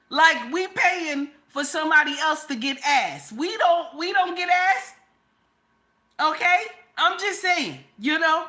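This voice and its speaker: A high-voiced woman hosts a livestream. She has a cold and coughs between sassy, repetitive, profane remarks. Her voice is bright and sharp. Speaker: commentary host. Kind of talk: livestream commentary.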